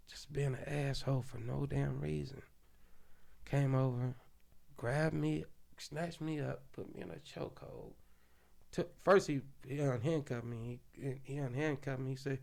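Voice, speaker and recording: Gravelly man telling a heated story. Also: medium pitch. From Oklahoma City. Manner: animated, heated retelling with slang and profanity. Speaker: podcast guest. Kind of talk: casual storytelling.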